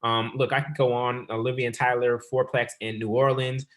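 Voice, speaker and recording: A man hosting a real estate investing webinar as coach, talking fast and calling the audience y'all. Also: mid-range voice, flat delivery. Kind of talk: sales webinar presentation.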